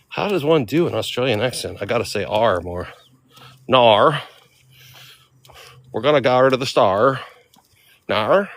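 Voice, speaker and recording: A man live-streaming outdoors on seaside cliffs into a handheld phone, chatting casually and reading out viewer names to thank them. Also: mid-range voice. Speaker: livestreamer.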